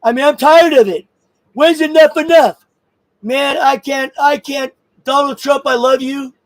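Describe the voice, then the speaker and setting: A man with a strikingly high voice delivers a profane political rant, swinging between angry shouts and laughs. His voice sounds close and dry, with no room around it. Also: steady tone, measured pace, no room sound, low-quality recording. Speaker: vlogger.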